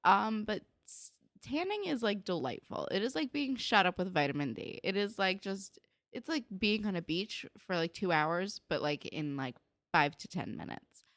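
A woman's voice: mid-range voice, sing-song, a bit bright, no echo. Young woman from New Jersey, podcast co-host, rambling casual recap, medium voice, dry close mic. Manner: chatty, lots of "like" and "um", quick asides. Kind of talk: casual chat recapping a TV episode.

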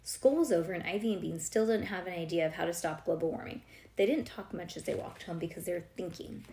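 A woman's voice: on the low side, quick pace, dark tone, roomy sound. A woman reading a children's chapter book aloud to a child, breaking off for casual chatty asides. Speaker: reader to a child.

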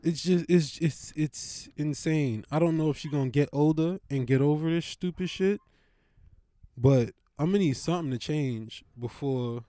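A man's voice: a little high, moderate pace, warm tone, no room sound, clean studio sound. A man hosting a podcast, rambling in a casual solo monologue with slangy, profane storytelling and repeated phrases. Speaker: podcast host.

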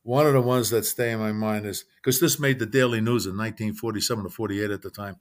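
An older man, an author, telling lively family anecdotes in a casual interview and acting out the people he quotes. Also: lowish voice, fast. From Brooklyn, New York. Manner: animated anecdote teller, acts out quoted voices, frequent restarts. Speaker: author guest.

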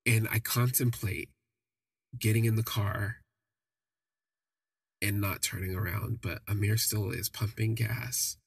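A young man telling a personal story on a podcast, reflective and halting with frequent restarts. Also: lowish voice, fairly even intonation, creaky, breathy edge, no echo.

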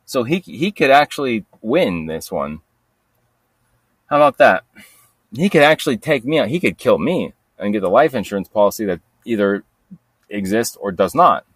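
A man's voice: on the low side, sing-song, normal speed, breathy edge, dry recording. A man hosting a podcast alone, rambling in a casual rant full of swearing, restarts and laughs. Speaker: podcast host.

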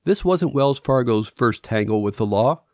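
A man's voice: mid-range voice, animated, moderate pace, dry recording. Guy narrating a podcast, dry sarcastic little asides, very dry close sound. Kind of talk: scripted narration.

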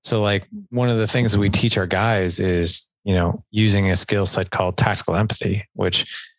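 A man with a fairly low voice talks through relationship advice as a podcast guest, loose and conversational, often slipping into quick acted-out lines of dialogue. The recording is dry and close, with no room sound around him. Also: fairly even intonation, a bit bright, no echo. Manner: conversational, filler-heavy, acts out quoted dialogue. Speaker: podcast guest, men's coach.

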